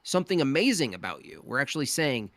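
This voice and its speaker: A man in a casual debate, talking with many fillers, pauses and restarts. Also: medium pitch, big pitch swings, a bit bright, no echo. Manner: hesitant, lots of fillers and restarts.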